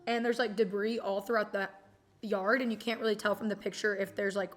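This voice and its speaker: A woman's voice: mid-range voice, flat delivery, fairly quick. A young woman streamer from Texas chatting casually and rambling, swearing freely and getting emotional as she talks. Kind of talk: casual chat.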